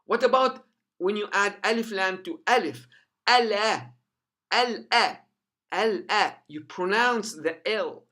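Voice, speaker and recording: A man's voice: high voice, expressive, measured pace, sharp tone. A man teaching a language lesson who patiently models each sound several times. His first language is Arabic.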